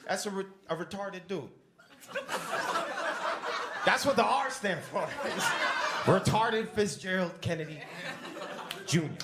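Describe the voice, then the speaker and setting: Laughter fills a very noisy, reverberant club as a comedian riffs with the crowd, brash and foul-mouthed in his animated delivery. His voice is high-pitched and slow, broken up by frequent pauses.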